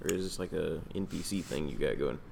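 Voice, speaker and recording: A man's voice: very deep voice, fast talker, gravelly, a little mellow, a little hiss or hum. A man playing a tabletop role-playing game, joking in a dry, playful way. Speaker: player.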